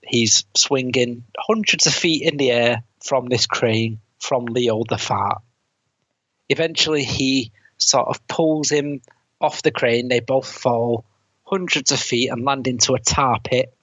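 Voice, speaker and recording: A man with a slightly husky voice casually narrates a film's plot, laughing now and then and quoting characters. He sounds close and dry on a dull, lo-fi podcast recording. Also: mid-range voice, a little slow, a bit bright, no echo. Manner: laughs often while recounting scenes, quotes lines in put-on voices. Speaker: podcast co-host reviewing a film. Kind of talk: casual chat, retelling a plot.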